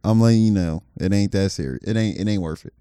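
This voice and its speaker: A man's voice: lowish voice, fast, dark tone, smooth, no room sound, clean studio sound. A man co-hosting a podcast in casual chat, joking and riffing, laughing often. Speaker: podcast co-host.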